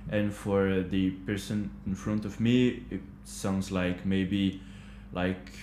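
French guy talking slow and halting, lowish voice, echoey kitchen, a bit of background hum. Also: flat delivery, darkish tone. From France. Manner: hesitant, halting, searching for words. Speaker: guest. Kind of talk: casual conversation. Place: upstairs kitchen of a hostel.

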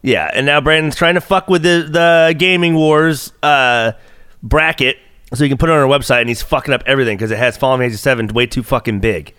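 A man's voice: medium pitch, a little fast, fairly bright tone, clear, resonant tone, no room sound, clean studio sound. A man hosting a casual podcast, rambling and swearing, full of fillers and restarts. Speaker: podcast host. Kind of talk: casual bickering podcast banter.

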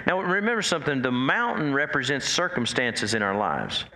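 A man's voice: medium pitch, very animated, moderate pace, bright, forceful tone, echoey room. A male pastor preaching a conversational sermon, with frequent restarts and scripture quotes spoken in a lifted voice.

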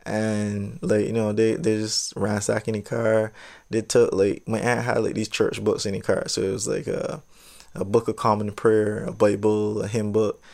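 A man's voice: on the low side, monotone, moderate pace, creaky, darkish tone. A young man casually telling a personal story, rambling and drifting into side tangents. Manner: rambling, digressive, laid-back.

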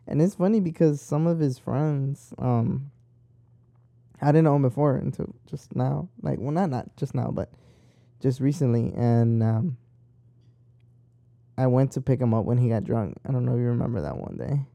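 Gravelly-voiced young man rambling on. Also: mid-range voice, normal speed, dark tone, dry recording. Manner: rambling, profane and talkative. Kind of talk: casual chat.

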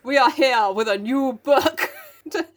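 A woman's voice: high voice, lively intonation, a little slow. A young woman co-hosting a casual podcast, laughing often and swearing freely. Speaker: podcast co-host. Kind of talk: casual chat.

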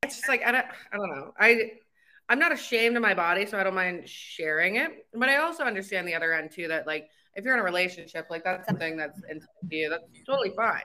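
A woman's voice: medium pitch, lively intonation, fast, bright, forceful tone. A young Canadian woman co-hosting a podcast, telling frank, profane stories in casual chat. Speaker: podcast co-host.

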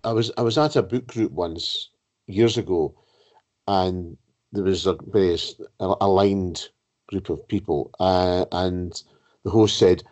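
A man's voice: low voice, a little slow, a little mellow. A man telling a rambling anecdote as a podcast host, often repeating words as he searches for them. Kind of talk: conversational anecdote. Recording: dull lo-fi sound.

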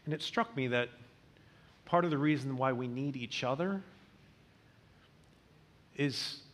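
A male pastor preaching a sermon in an earnest way, repeating words as he builds a point and dropping to a hushed voice on tender lines. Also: mid-range voice, a little slow.

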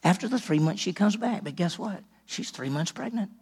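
A man's voice: sits high, animated, moderate pace, a little mellow, breathy edge. A man preaching a sermon as senior pastor, telling it in a folksy way and acting out the quotes. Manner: folksy storytelling, acts out quotes.

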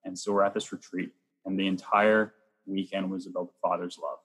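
A man who works as a Catholic youth minister, telling personal stories earnestly in a chatty way, sometimes rushing with excitement. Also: deep voice, husky, poor audio. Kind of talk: personal storytelling in an interview.

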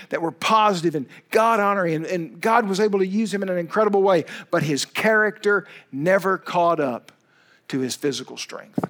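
High-voiced, animated male preacher. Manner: animated, storytelling, emphatic asides. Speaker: pastor. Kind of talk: sermon.

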